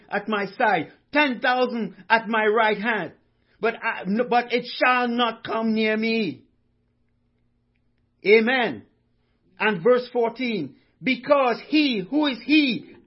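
A man's voice: extremely high pitch, lo-fi sound. A male pastor preaching a sermon, fervent and repetitive, stressing each line with conviction. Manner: fervent, repeats lines with conviction.

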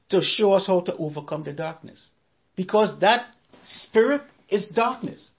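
A man's voice: high voice, muffled recording. A man preaching a sermon, emphatic, repeating his phrases and firing off rhetorical questions.

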